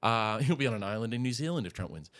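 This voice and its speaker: A man's voice: medium pitch, animated, fast, fairly bright tone. Rambling man, podcast co-host. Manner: rambling, acts out quoted voices. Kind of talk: casual chat.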